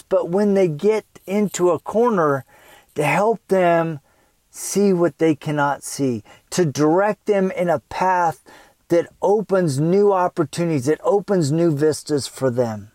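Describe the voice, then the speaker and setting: A man telling a personal story in an earnest way, with lively acted-out moments, then drawing a lesson for parents. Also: high-pitched, no room sound. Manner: earnest, animated when retelling, acts out his child self. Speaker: parenting speaker.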